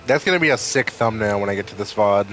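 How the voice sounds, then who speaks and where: A man on a gaming live stream rambles jokily and leans heavily on "like." His voice is on the low side, expressive, quick and fairly bright, with soft background music and rough recording quality.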